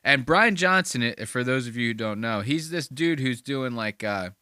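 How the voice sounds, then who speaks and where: Male podcast host, bright and forceful tone on a dry close mic, excitable slangy delivery. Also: mid-range voice, normal speed, smooth, dry recording. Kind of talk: casual commentary.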